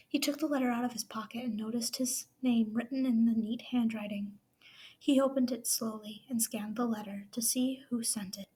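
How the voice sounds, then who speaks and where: A woman reading fanfiction aloud into a voice recorder, softly and often half whispered. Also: a little high, slightly rough. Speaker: fanfiction reader.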